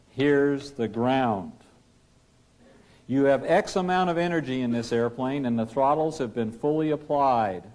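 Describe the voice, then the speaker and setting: A man lecturing pilots as a flight instructor, emphatic, asking rhetorical questions and dropping his voice low for key points. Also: darkish tone. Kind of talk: classroom lecture.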